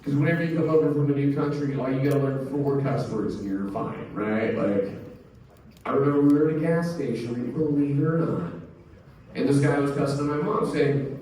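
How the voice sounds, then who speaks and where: A man's voice: medium pitch, normal speed, mellow, slight background noise. A man in his thirties doing a stand-up set, loose and crude, rambling with lots of fillers. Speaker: stand-up comedian. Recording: echoey comedy club, distant mic.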